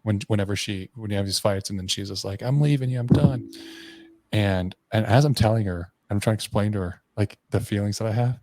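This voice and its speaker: A man's voice: lowish voice, fairly even intonation, fast talker, hardly any pauses, a little mellow, no room sound. A man guest on a podcast, candidly telling a personal story in a blunt, profane way, full of restarts and slang.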